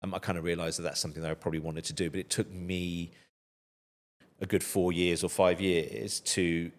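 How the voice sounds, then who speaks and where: Deep-voiced man in his fifties. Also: flat delivery, a little fast. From United Kingdom. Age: 50s. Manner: thoughtful, hesitant with many restarts. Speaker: interview guest, recruiter. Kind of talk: casual interview chat.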